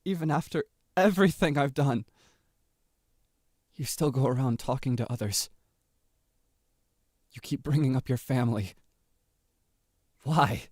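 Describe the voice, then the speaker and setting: A man voicing a possessive, controlling young lover who guilt-trips in a low, quiet, menacing tone. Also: measured pace, pauses often, no echo, clean studio sound, natural voice. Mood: pleading, accusing. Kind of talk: voice-over request acting.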